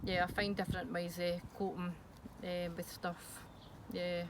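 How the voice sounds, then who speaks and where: A woman's voice: fairly low pitch, little pitch movement, unhurried. A middle-aged woman with a Scottish accent, speaking frankly and hesitantly in an interview, with many ums and restarts. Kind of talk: candid personal interview. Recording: noisy background hiss.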